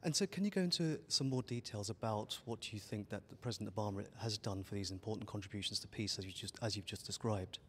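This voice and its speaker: Polite interviewer man, low voice. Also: fast, hardly any pauses, breathy edge. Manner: polite, carefully phrased questions. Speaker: interviewer, editor. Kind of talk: formal interview questions. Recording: long reverb.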